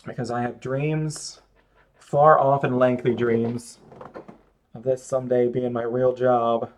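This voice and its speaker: A man's voice: medium pitch, little pitch movement, takes it slowly. A man chatting casually while he draws on a live stream, giving a rambling, self-mocking running commentary. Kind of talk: casual chat while drawing.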